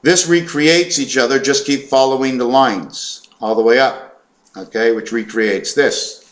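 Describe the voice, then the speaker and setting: A man talking to camera in a rambling monologue, stumbling over his words, correcting himself and reeling off long strings of numbers. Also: mid-range voice. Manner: hesitant, stumbling, full of fillers and self-corrections; fast, run-on counting and reciting of numbers. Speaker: vlogger.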